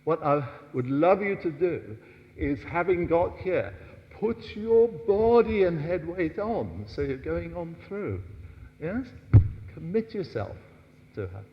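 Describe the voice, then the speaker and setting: A man's voice: a little high, expressive, takes it slowly. An older man teaching a ballroom dance class, coaxing the dancers, counting out steps and often asking "yes?". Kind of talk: dance workshop lesson. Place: large dance hall. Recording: dull distant hall sound.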